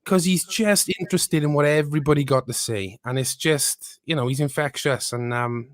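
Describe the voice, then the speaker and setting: A Welsh man co-hosting a podcast, praising a guest with halting restarts. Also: on the high side. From Wales. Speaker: podcast co-host. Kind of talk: casual chat.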